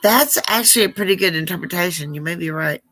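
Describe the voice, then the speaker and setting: A woman with a lowish, fairly bright voice talks fast while hosting a live psychic Q&A stream. She chats casually and affectionately with her viewers, calling them "baby," and stumbles over their names.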